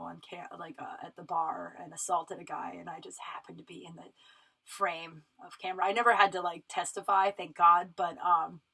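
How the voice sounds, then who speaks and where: A woman in her thirties from Colorado talks straight into her own podcast mic. She is casual and blunt, swears freely, and often stops and restarts her sentences. Her voice sits at an ordinary middle pitch. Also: a bit bright, rough recording. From Colorado, USA. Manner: profane, emphatic, with frequent fillers and restarts. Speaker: podcast host. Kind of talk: casual solo podcast monologue.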